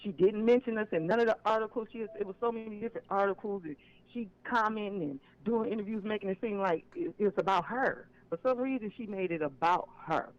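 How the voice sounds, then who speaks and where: A man's voice: high voice, brisk, few pauses, muffled recording. A man calling in to a live show, telling his side in an emphatic, aggrieved way. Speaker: caller. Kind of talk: phone-in call on a live stream. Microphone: phone line.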